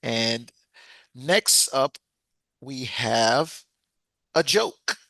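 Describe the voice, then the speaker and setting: A man chairs an online club meeting in a friendly, halting way, restarting sentences as he goes. He talks slowly, and the sound is dry and close. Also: medium pitch, expressive, bright, forceful tone, no echo. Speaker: meeting presiding officer. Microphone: video call.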